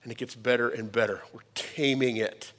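Animated preaching man in a reverberant hall. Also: medium pitch, normal speed. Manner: animated, emphatic preaching with conversational asides. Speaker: pastor. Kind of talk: sermon.

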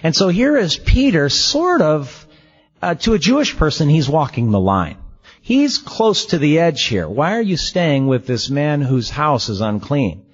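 A man preaching a sermon, telling the story in a lively, conversational way. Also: fairly high pitch, measured pace, slightly rough, faint music behind. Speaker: pastor. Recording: slightly dull lo-fi sound.

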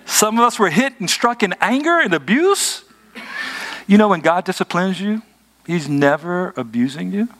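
A man's voice: high voice, sing-song, normal speed, fairly bright tone. A man preaching a sermon as pastor, emphatic and conversational, asking his congregation rhetorical questions.

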